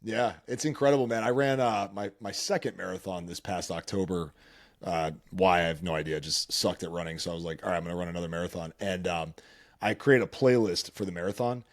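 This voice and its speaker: A man's voice: sits low, fairly quick. A man hosting a podcast, telling personal stories in casual chat, earnest and emotional with lots of restarts. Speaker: podcast host.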